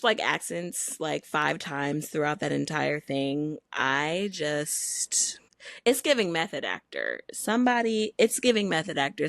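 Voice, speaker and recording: Woman podcast host, rambling, playful, short on sleep, lowish voice, dry close mic. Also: no room sound. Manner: rambling, playful, self-mocking. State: sleep-deprived. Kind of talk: casual chat.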